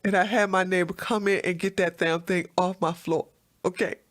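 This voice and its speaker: A woman hosting a casual livestream, reading chat comments and telling animated stories with frequent laughs and repeated words. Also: fairly low pitch, normal speed.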